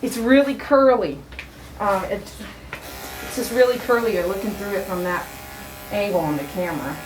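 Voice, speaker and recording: With a medium-pitched voice at normal speed, a woman trims a dog, coaxing and scolding it, and afterward explains her steps. The sound is roomy and distant-miked, with electric clippers buzzing throughout.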